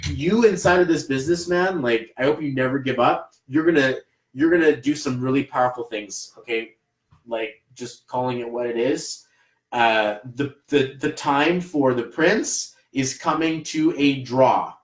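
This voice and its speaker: A Canadian-accented man gives a live numerology reading, rambling and encouraging and full of filler words. His mid-range voice runs a little slow, captured on a livestream camera mic in a reverberant space with rough audio quality.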